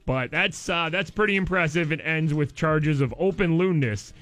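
A bright, high-voiced male radio host. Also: normal speed, dry recording. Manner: jokey, riffs and repeats punchlines. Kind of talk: morning radio banter and news reading. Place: radio studio.

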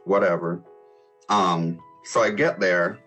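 A man's voice: deep voice, steady tone, slow, fairly bright tone, faint music behind. A man in his twenties telling a story on a video call, hesitant with many ums, matter-of-fact. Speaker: guest caller telling a date story. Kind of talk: casual storytelling.

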